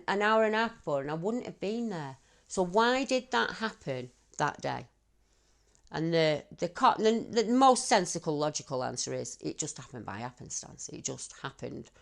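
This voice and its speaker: A woman in her fifties giving emotional, halting testimony as an eyewitness, her voice choking up and tearful. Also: sits low, vocal fry. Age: 50s. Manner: halting, emotional, repeats herself. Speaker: eyewitness interviewee, researcher.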